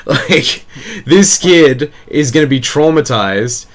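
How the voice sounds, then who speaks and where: A man's voice: on the high side, lively intonation, takes it slowly. A young man from Sydney with an Australian accent, hosting a casual reaction chat and swearing a lot and laughing often. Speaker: podcast host.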